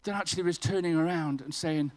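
A man's voice: fairly high pitch, fast talker, a little mellow, rough recording. A man preaching a sermon in a church, telling a personal story with self-deprecating humour.

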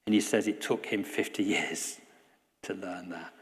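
A man preaching a sermon in a church, earnest, often dropping to a soft hush. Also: low voice, steady tone, a little slow, in a large hall. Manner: earnest, drops to a soft hush at key lines. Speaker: guest preacher.

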